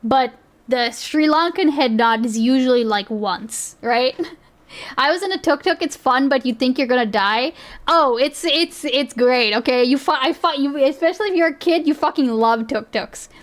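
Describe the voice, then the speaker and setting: A woman's voice: sits high, moderate pace. A woman with a South Asian accent, streaming and reacting in rambling, casual chat that is full of swearing and frequent laughter.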